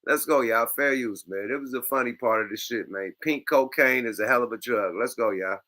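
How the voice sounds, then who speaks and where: A man's voice: medium pitch, fairly quick. A man hosting a reaction show, talking in loose, profane casual commentary with street slang. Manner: animated, laughs loudly, loose street slang. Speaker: show host reacting to clips.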